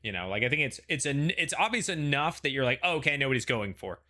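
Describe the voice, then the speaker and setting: Bright-voiced man in casual chat. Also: medium pitch, big pitch swings, quick pace. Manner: rambling, lots of "like" and "you know". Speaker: show host.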